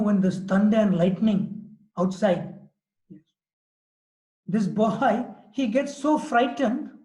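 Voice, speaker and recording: Lecturer plays fond old cowherd dad, emphatic, high, echoey room. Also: male voice, dark tone.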